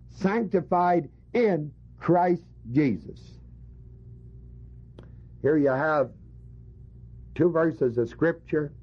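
A male preacher teaching a Bible passage to his congregation, emphatic and fond of rhetorical questions. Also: a little high. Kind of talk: sermon. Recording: dull lo-fi recording.

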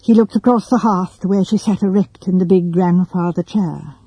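A woman narrating a classic story in a measured, deliberate reading. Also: lowish voice, dark tone, breathy edge, no room sound, rough recording.

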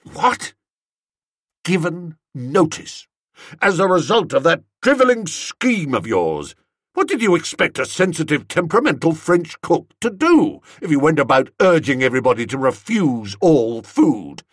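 A man voicing a bossy middle-aged aunt who scolds loudly and blusters, in a husky voice. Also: a little high, huge pitch swings, a little slow, no room sound, clean studio sound, full character voice. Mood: furious.

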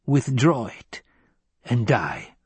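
A man's voice: medium pitch, very animated, slightly rough, no echo, full character voice. A man putting on a stern, menacing old woman. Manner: imperious, slow and menacing, dropping to whispers.

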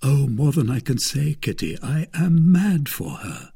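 A man's voice: medium pitch, very animated, normal speed, warm tone, breathy edge, exaggerated voice. Man as a proud young Gascon gallant. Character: self-assured young Gascon gentleman, proud. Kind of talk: audiobook character voice.

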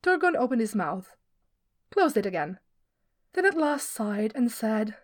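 A woman narrating fan fiction aloud in a steady, even manner. Her voice sits fairly high, and the recording is dry and close with no room sound. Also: moderate pace, dry recording. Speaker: podfic reader. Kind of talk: scripted story narration.

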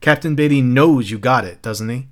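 A man voicing a nagging, anxious wife who turns shrill and pleading. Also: moderate pace, natural voice.

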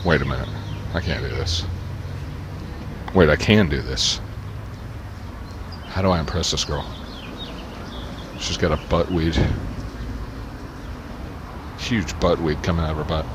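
A man's voice: very deep voice, steady tone, a little slow, pauses often, background noise. A man talking casually outdoors in a rambling, sarcastic way, swearing often as he comments on a book he reads from. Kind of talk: casual profane rant while reading a book aloud.

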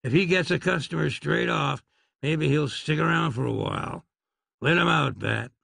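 Narrator as a curt sheriff, drawling, gravelly, husky. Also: male voice, on the high side, moderate pace, pushed and bright, no room sound, exaggerated voice. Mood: commanding. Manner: clipped, dry, commanding. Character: laconic, stern Wild West sheriff.

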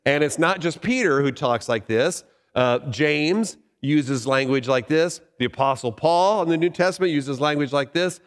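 A man's voice: a little high, normal speed, clean tone, long reverb tail. A male pastor giving a sermon in a conversational way, asking his listeners questions. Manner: conversational preaching with rhetorical questions.

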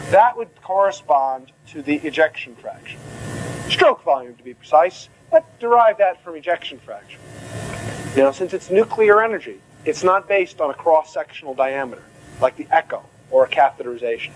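A man giving a medical lecture to a class in an animated, theatrical way, acting out confused students. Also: on the high side, a little hiss or hum, poor audio.

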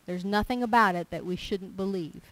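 A woman's voice: mid-range voice, moderate pace, poor audio. A woman giving a testimony sermon, telling stories with emphasis and acting out dialogue. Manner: animated storyteller, emphatic, acts out dialogue. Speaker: church speaker giving testimony.

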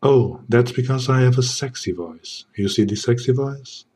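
A man playing a smug secret agent in a comedy sketch, keeping a low, smooth, deadpan voice. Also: normal speed. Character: suave smug male secret agent parody.

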